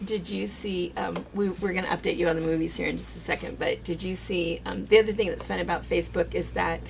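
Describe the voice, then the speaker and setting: A woman's voice: fairly low pitch, steady tone, quick pace, gravelly, a little hiss or hum, rough recording. A woman co-hosting a casual chat, telling stories in a chatty way and laughing often. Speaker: co-host.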